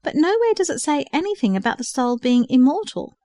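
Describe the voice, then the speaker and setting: A woman's voice: medium pitch, normal speed, no echo, natural voice. A woman reading the part of an eager, curious woman learning to study the Bible. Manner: eager, wondering.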